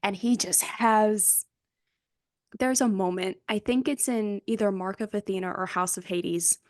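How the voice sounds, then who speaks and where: A woman's voice: mid-range voice, fairly even intonation, measured pace, a little mellow, no room sound. Enthusiastic young woman, dry close sound. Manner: enthusiastic, rambling with restarts. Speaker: podcast co-host. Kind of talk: casual chat.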